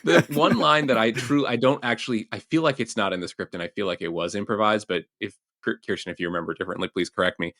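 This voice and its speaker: A man's voice: lowish voice, quick pace, few pauses, a bit bright, no echo. A man guesting on a podcast interview as a TV writer, chatty and self-interrupting as he tells stories.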